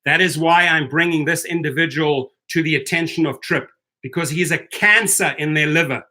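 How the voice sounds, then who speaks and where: A man's voice: on the high side, moderate pace, pushed and bright. A man hosting a rideshare channel, ranting heatedly on a livestream, with stammered restarts. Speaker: host of a rideshare driver channel. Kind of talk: livestream commentary reading chat.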